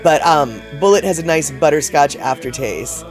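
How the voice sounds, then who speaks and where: A man's voice: a little high, lively intonation, moderate pace, faint music behind. A man hosting a casual livestream, reading chat messages aloud and rambling in a chatty way, laughing often.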